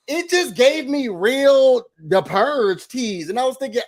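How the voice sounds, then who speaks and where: A man's voice: extremely high pitch, animated, unhurried, hardly any pauses. A man hosting a reality-TV recap, chatting animatedly and laughing with his viewers. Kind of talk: casual gossip recap commentary.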